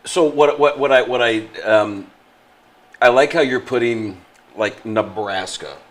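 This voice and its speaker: A man's voice: medium pitch, a little slow. A man co-hosting a radio show, chatting in a sarcastic, rambling way and laughing often. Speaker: radio co-host. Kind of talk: casual studio banter.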